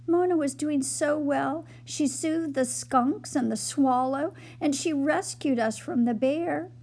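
A woman's voice: sits high, slow pace, a little mellow, voice pushed up. A woman doing a remorseful young squirrel maid. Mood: earnest. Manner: earnest, confessing.

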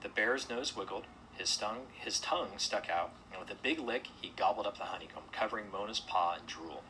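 A man reads a children's storybook aloud in a gentle, unhurried way. His voice sits fairly low but has a bright, forward tone. Small slips and restarts keep it natural. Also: a little hiss or hum, low-quality recording. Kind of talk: storybook narration.

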